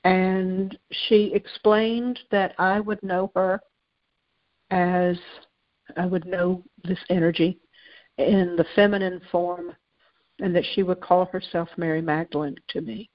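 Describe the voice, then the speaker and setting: Lower-voiced woman hosting a spiritual talk. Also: steady tone, slow, no room sound, highs cut off. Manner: conversational, with frequent fillers and restarts. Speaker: host. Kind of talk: casual spiritual talk show monologue.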